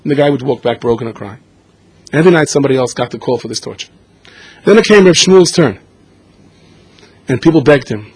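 A man giving a storytelling sermon, animated and acting out the voices in his tales. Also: mid-range voice, fairly quick, long pauses, breathy edge, dry recording. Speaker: speaker.

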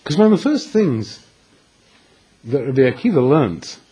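Husky, lively man telling a story. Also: medium pitch, low-quality recording. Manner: animated storyteller acting out dialogue with dramatic pauses. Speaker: Torah teacher. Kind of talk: storytelling Torah lecture.

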